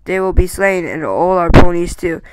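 A man's voice: high voice, lively intonation, moderate pace, noisy background. A man reading a worried dwarf. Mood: alarmed. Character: fearful male dwarf, anxious for his kin.

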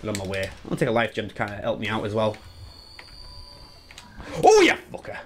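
A man in his twenties chatting casually and excitedly while playing through a game, swearing freely and wandering into asides. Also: on the low side, very fast, a little hiss or hum. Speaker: gaming YouTuber. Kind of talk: live speedrun commentary.

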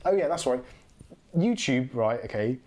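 A man's voice: medium pitch, expressive, moderate pace, a little mellow. A man from England with a West Country accent, hosting a casual livestream chat from home, rambling and correcting himself as he goes. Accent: English West Country. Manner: rambling, self-correcting, chatty. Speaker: livestream host.

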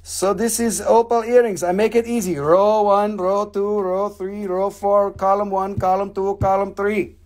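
Playful high-voiced man selling rocks. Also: little pitch movement, measured pace, a little mellow. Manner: playful, rambling, joking, repeats himself. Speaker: host selling rocks and crystals on a live stream. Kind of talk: live sales pitch.

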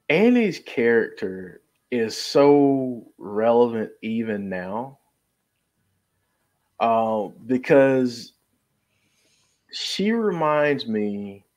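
A man's voice: medium pitch, big pitch swings, very slow, long pauses. A man co-hosting a podcast in casual chat, careful and hesitant with many restarts. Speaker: podcast co-host.

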